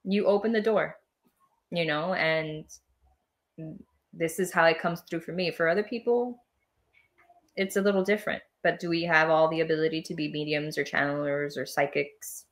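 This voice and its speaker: Woman podcast guest, low-ish voice, animated, laughs often, acts out voices. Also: moderate pace. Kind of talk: casual interview chat.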